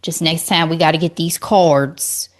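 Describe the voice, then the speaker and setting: A woman's voice: low voice, steady tone, measured pace. A woman co-hosting a podcast, chatting casually and teasing her co-host. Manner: playful, teasing. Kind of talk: casual chat.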